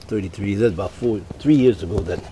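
A fast-talking older entertainer with a lowish voice, this veteran voice actor and musician spins anecdotes as a radio interview guest, performing the voices of whoever he quotes. There's slight hiss or hum on the audio.

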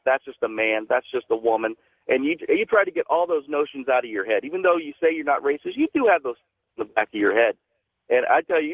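A man's voice: fairly high pitch, no echo. A man from Texas calling in to a radio show and telling a story earnestly. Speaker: caller. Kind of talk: call-in storytelling. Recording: phone line.

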